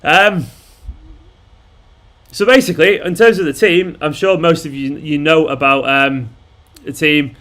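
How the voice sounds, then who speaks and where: A man's voice: fairly high pitch, fairly even intonation, measured pace, a bit bright. A man, chatting casually and rambling as the host of a live watchalong and answering viewers' messages. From Manchester, England. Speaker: fan channel host.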